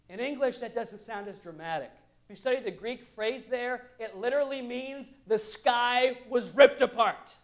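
Man, pastor, sermon, high voice, animated, shifts between hushed and loud. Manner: animated, swinging from quiet asides to loud emphatic bursts.

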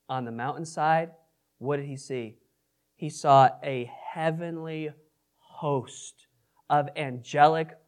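A man leading a Bible study in a casual, conversational way, often asking the group questions and adding self-deprecating asides. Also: on the high side. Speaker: pastor teaching a Bible study. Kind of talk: casual interactive Bible teaching.

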